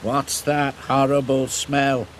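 A man's voice: medium pitch, level tone, takes it slowly, a little hiss or hum, pitched above the performer's own voice, lightly acted. A man voicing a rude, boastful male diesel engine in a storybook reading, with background music. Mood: sneering. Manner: sneering, boastful.

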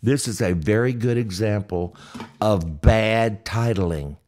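A middle-aged man with a Texan accent, hoarse, hosting a folksy, joking livestream chat between hymns and reading viewer comments aloud. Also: on the low side, slow pace, darkish tone. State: hoarse, dry mouth. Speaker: gospel singer and livestream host. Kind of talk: casual livestream chat with hymn singing.

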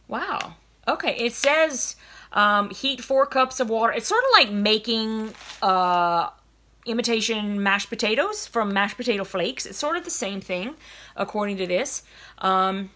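A young woman chatting in a gushing, excited way while unboxing snacks for her viewers. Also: a little high, a little slow. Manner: gushing and chatty, lots of oh my goodness. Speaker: vlogger unboxing a snack box. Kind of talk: casual chat.

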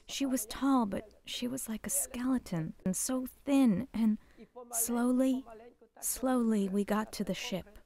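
An older woman whose first language is Polish, giving a halting, emotional personal testimony as a survivor. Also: on the high side, warm tone. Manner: emotional, halting storytelling, repeating words.

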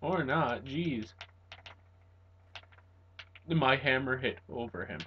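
A man chats casually to himself while he plays a fighting game. His voice is very lively, leaping up when he gets excited before dropping back to a mutter. The recording sounds dull and lo-fi. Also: mid-range voice, slow, a little hiss or hum. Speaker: gamer playing a fighting game. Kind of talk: casual gameplay commentary.

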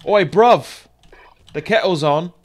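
A man putting on an exaggerated British accent, playing a rough bloke hailing strangers over a game radio. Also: slow. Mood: chummy. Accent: put-on British. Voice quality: shouty, high, overdone.

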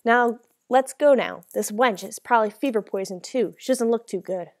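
A woman's voice: fairly high pitch, moderate pace, dry recording, clean studio sound, lightly acted. A woman voicing a cowardly short male burglar in a storybook reading, with a fearful, whining way of talking.

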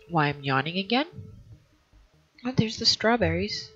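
A woman's voice: medium pitch, lively intonation, normal speed, long pauses, fairly bright tone, faint music behind. A woman hosting a let's play, thinking aloud in a hesitant way and often trailing off mid-sentence. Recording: dull lo-fi recording.

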